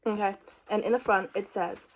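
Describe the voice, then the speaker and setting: A young adult woman chatting casually about books on her vlog, excitable and jumping between thoughts. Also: medium pitch, normal speed, slight background noise. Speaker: book vlogger. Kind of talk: casual book chat.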